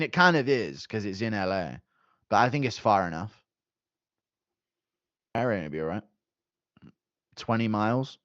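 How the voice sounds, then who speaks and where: Lively young man streaming. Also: mid-range voice, no echo, lo-fi sound. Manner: animated and joking, with mild swearing. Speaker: streamer reading chat. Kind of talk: casual live-stream chat.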